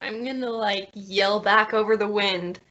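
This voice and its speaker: A woman's voice: medium pitch, steady tone, unhurried, pushed and bright. A young woman taking part in a tabletop game who laughs easily, heard through a dull lo-fi recording. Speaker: player.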